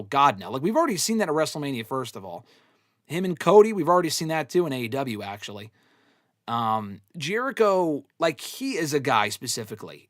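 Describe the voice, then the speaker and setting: A man's voice: on the high side, dry recording, clean studio sound. A man hosting a live wrestling Q&A show, giving blunt, opinionated takes in a casual, swear-heavy way. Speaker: wrestling podcast host answering fan questions.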